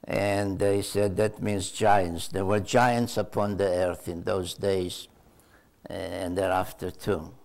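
A man's voice: sits low, flat delivery, slow pace, gravelly, darkish tone. An older male author giving an unscripted storytelling answer to a question, hesitant and full of uh fillers and repeated words.

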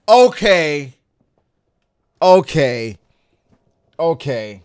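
Excitable, lively man reacting to anime. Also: medium pitch, moderate pace, no room sound, studio quality. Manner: excitable, profane, bursts into shouts. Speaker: anime reaction channel host. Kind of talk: live reaction commentary.

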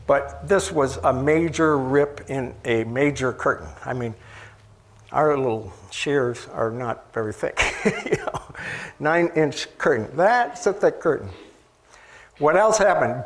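Guy giving a sermon, kinda gravelly voice, talks casual, lots of uh and right?. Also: fairly high pitch, animated, slow. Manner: conversational, rhetorical questions, many fillers and restarts. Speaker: preacher.

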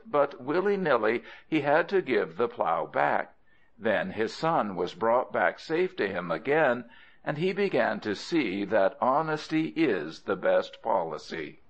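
A man narrating folk tales for an audiobook, expressive and adding playful asides to the listener. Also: fairly low pitch. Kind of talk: storybook narration. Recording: dull lo-fi audio.

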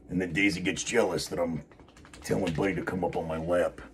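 Low-voiced man rambling casually. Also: steady tone, quick pace, a crowd in the background. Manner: rambling, filler-heavy, laid-back. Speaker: wrestling show host. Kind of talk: casual vlog.

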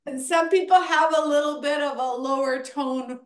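A high-pitched woman leads a kids' workshop in an encouraging, animated way. Her voice carries a roomy echo. She keeps the children engaged with quick praise. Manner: encouraging, animated, counts kids in. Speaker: workshop host. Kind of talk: lively classroom-style teaching.

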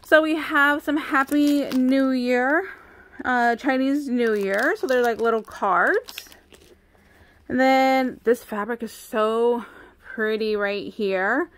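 A woman's voice: on the high side, slow pace, a bit bright, slight background noise. A young woman chatting casually as she unboxes craft supplies, cooing over each item. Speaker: craft vlogger.

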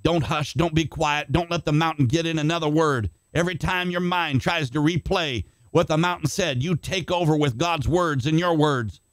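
Older male preacher, fiery and shouting at the peaks, slightly high voice, dry close sound. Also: moderate pace, few pauses, no echo. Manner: impassioned, shouting climaxes, calls on congregation by name. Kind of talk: sermon.

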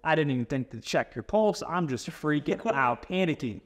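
A man's voice: fairly high pitch, moderate pace. A man who works as a personal trainer, casually telling a story in an interview and acting out what people said. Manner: animated storyteller, acts out quotes; swears casually.

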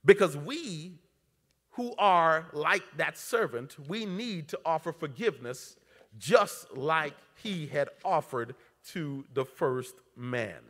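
A high, bright-voiced man preaching from the pulpit, swinging from forceful cries down to quiet, earnest asides. His sermon rings through a large church with a long, trailing reverb. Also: animated, slow pace. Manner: preaching with dramatic swings in pitch and loudness. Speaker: pastor. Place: church sanctuary.

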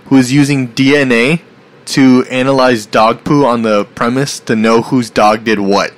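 A man's voice: medium pitch, steady tone, moderate pace. A man hosting a podcast, chatting casually and reading news aloud, laughing often and swearing freely. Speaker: podcast host.

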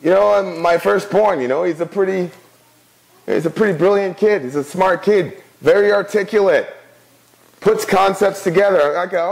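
A middle-aged man delivers a sermon as pastor. His voice sits high, and he preaches in an easy, conversational manner, often turning to the congregation with quick asides. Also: creaky, a little mellow, poor audio.

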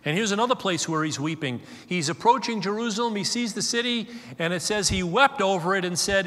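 A man preaching a sermon, moving from loud, emphatic stresses to soft, hushed passages. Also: sits high, big-room sound. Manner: slow deliberate stresses on key words. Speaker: pastor. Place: church.

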